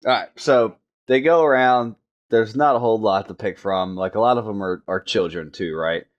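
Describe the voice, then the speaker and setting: A man's voice: on the low side, moderate pace, muffled recording. A man co-hosting a podcast, casually retelling a book's plot with a joking manner. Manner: relaxed retelling of the story, jokey. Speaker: podcast co-host. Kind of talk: casual book discussion.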